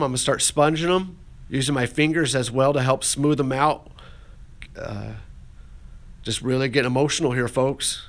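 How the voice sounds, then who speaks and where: A man's voice: medium pitch, fairly bright tone. A man teaching an art class, walking through a clay demonstration in a folksy, encouraging way with plenty of fillers and restarts.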